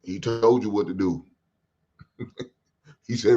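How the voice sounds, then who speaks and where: A man's voice: on the low side, slow pace, warm tone, lo-fi sound. A middle-aged man hosting a reaction show, riffing in casual slangy banter and laughing along.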